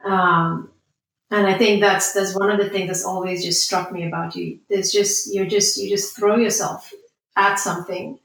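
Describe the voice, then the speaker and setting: A woman's voice: medium pitch, steady tone, moderate pace, gravelly, a bit bright. A woman interviewer responding to her guest in an affirming, reflective way. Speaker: interviewer host. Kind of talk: conversational interview. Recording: very echoey room sound.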